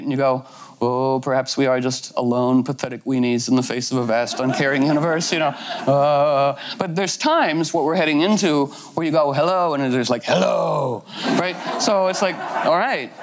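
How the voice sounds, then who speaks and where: Woman giving a talk; loose, playful, filler-heavy, acts out voices. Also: sits low.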